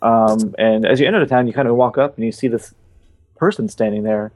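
A man's voice: medium pitch, darkish tone, no room sound, faint music behind. Rambling, profane man recapping a game. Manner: rambling, profane, does quick character voices in quotes. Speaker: podcast co-host. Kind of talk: casual chat, retelling a game's story.

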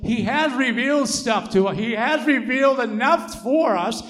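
A man preaching a sermon, emphatic and repetitive, swelling to loud declarations and dropping to soft asides. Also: extremely high pitch, normal speed.

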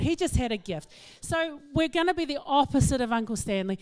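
A middle-aged woman, giving a humorous, self-mocking talk to an audience in an animated storytelling manner. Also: mid-range voice, moderate pace, few pauses, clean tone. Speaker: speaker.

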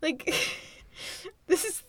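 A woman's voice: extremely slow, fairly bright tone. A woman co-hosting a podcast, giving sarcastic, giggly movie watchalong commentary with a lot of disbelief at what's on screen. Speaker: podcast co-host.

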